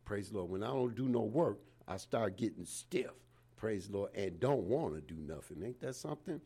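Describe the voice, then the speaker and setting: Older guy in his 70s preaching, husky low voice, folksy, keeps saying praise the lord. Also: lively intonation, moderate pace, mellow. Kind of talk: informal sermon.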